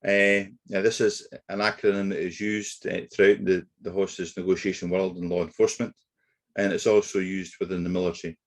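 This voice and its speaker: Guy teaching a negotiation webinar, deep husky voice, steady explaining. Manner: measured explanatory delivery with occasional fillers. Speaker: negotiation trainer. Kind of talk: webinar lecture. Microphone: webinar computer mic.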